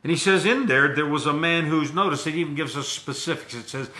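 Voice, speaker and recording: A pastor at the pulpit delivers his sermon with a bright, forceful tone. He preaches dramatically, stretching words slowly and then rushing ahead, booming and then falling to a hush. The sound rings around an echoey church room. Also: expressive. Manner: dramatic preaching with wide swings in loudness and pace.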